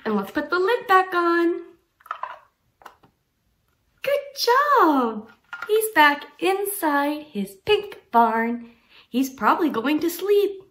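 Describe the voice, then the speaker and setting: Very slow, bright-voiced woman teaching toddlers. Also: sits high, very animated, a little hiss or hum. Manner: exaggerated, encouraging, with frequent praise.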